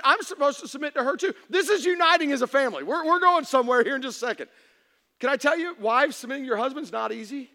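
A man preaches from the pulpit in a very high, bright voice. He is animated, shouting for emphasis and acting out little voices. A long reverb from the church hall trails behind him. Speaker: pastor. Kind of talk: preaching sermon. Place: church sanctuary.

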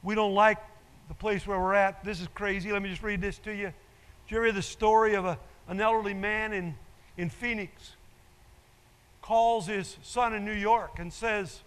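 A man's voice: high voice, fairly even intonation, normal speed, a bit bright, clean tone. An older man, a pastor preaching a sermon with emphasis and repeating his key phrases. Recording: long reverb in a large hall.

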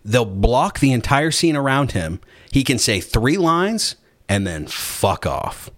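A man's voice: medium pitch, big pitch swings, takes it slowly, fairly bright tone. A man hosting a casual chat, retelling a story in a rambling, sarcastic, profane way.

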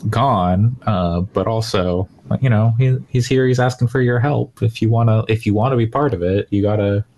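Gravelly low man, hesitant chat. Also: normal speed, warm tone. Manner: hesitant, stammering with many fillers. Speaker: podcast co-host. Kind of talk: casual movie chat.

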